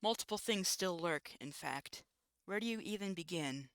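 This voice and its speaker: Bright-voiced visual novel narrator. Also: medium pitch, moderate pace, clean tone, no echo, clean studio sound. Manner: steady storybook narration with asides. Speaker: streamer reading a visual novel.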